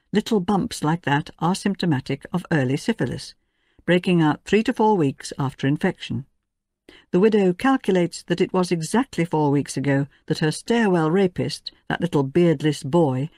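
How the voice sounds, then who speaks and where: A woman narrates a scripted first-person audiobook with a measured, level delivery and a voice on the low side. The recording is dry and of studio quality.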